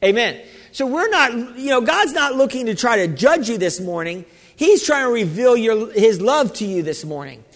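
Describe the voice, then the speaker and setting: A male pastor preaching a sermon, halting with many restarts and rising to shouts at the peaks. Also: extremely high pitch, very animated. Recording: long reverb of a large hall.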